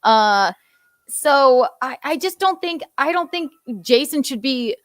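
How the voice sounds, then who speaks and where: A woman's voice: high voice, animated, slow pace, dry recording, clean studio sound. A woman hosting a podcast in casual chat, talking bluntly with heavy swearing. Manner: blunt, profane and heated. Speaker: podcast host.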